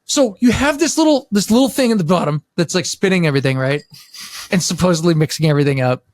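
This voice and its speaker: A man hosting a podcast, telling a story in an animated, profane way and laughing often. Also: high-pitched, fast, no echo, clean studio sound. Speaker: podcast host. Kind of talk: casual podcast chat.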